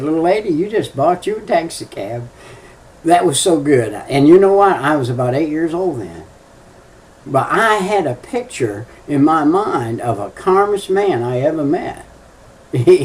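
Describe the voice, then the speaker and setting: A man's voice: fairly high pitch, a little mellow, recorded from a distance. An older man preaching a folksy sermon, telling stories with emphatic, chuckling delivery.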